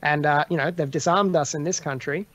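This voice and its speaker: A man's voice: on the high side, steady tone, brisk, fairly bright tone, highs cut off. A man, co-hosting a political panel chat, speaking bluntly and laughing at his own jokes. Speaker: podcast co-host.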